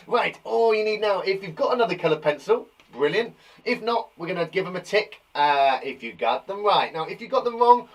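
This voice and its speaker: A male teacher giving a cheerful, encouraging live spelling lesson to young children from a garden shed, saying each word slowly and clearly. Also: sits high, a bit bright. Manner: cheerful, encouraging, slow and clear dictation of words. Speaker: primary school teacher.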